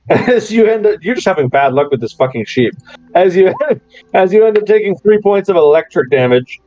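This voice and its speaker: A man's voice: sits high, animated, moderate pace, pauses often, darkish tone, no echo, lo-fi sound, soft background music. Laughing man running a tabletop game. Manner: laughs often while narrating. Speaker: game master.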